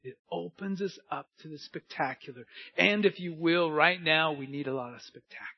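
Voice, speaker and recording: A male pastor delivering a sermon in a high voice. He swings between loud, urgent appeals and quiet, drawn-out phrases. The recording sounds dull and lo-fi. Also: creaky.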